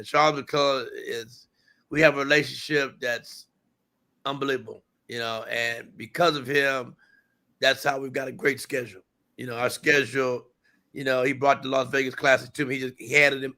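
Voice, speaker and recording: Man, sports media executive, guest, gravelly, bright tense tone, flat delivery. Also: medium pitch. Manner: appreciative, fills with "you know". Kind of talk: interview answer.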